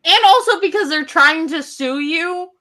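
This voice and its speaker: Bright-voiced woman, halting speech. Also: very high voice. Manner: hesitant, many fillers. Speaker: podcast co-host. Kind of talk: casual chat.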